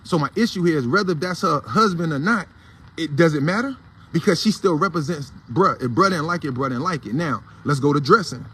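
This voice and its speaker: Hosting a casual morning commentary show, this man speaks with an African American Vernacular English accent, and his slightly high voice moves a bit fast with lively intonation. His tone is bright and forceful with a breathy edge. He comes across blunt, heated and profane, preaching at his audience.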